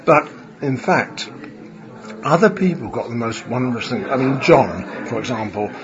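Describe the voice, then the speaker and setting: A man's voice: medium pitch, expressive, unhurried. Older man, rambling interviewee, lots of "you know"s; dull recording, crowd behind. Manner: chatty and rambling, with many fillers and restarts. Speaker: spiritualist medium interviewed after a seance. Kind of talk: reflective conversational interview.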